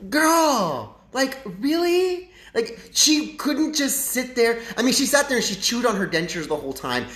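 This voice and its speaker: A man talks straight into his phone's front camera during a casual live-stream commentary. His delivery is chatty and animated and drifts into rambling asides. The room gives his voice a noticeable echo. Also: very high voice, brisk. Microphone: phone front-facing camera.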